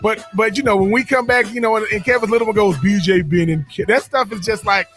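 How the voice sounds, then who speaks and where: High bright-voiced man telling stories. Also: quick pace, soft background music. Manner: repeats words and restarts, laughs often. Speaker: radio show co-host. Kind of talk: casual storytelling chat.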